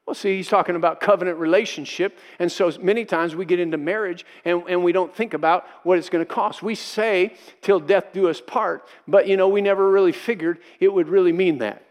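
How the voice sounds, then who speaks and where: Male pastor, high-pitched, emphatic preaching, repeats lines for emphasis, slips into quoted voices. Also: steady tone, fairly quick, hardly any pauses. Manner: emphatic, repeats key phrases for effect. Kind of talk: sermon.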